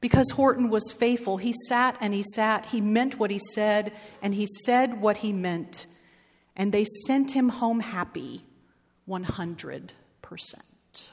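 A woman reading a children's rhyming story aloud with an expressive, lingering delivery. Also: medium pitch, unhurried. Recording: long hall reverb.

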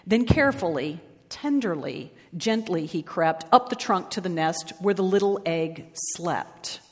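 A woman reading a rhyming storybook aloud in a measured, expressive way. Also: fairly low pitch, long reverb tail.

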